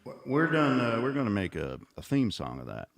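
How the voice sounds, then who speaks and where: A man's voice: mid-range voice, wildly swooping pitch, fairly quick, creaky, no room sound. A middle-aged man hosting a casual livestream, talking in a sarcastic, rambling, mocking way. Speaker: host.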